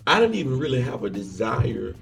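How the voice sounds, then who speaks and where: A man guesting as an evangelist on an interview, with a gravelly, fry-edged voice, telling stories from his life. He sits back from the microphone in an echoey room. Soft music plays faintly underneath. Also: mid-range voice, brisk, recorded from a distance. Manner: relaxed storyteller, acts out quoted voices. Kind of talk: casual interview storytelling.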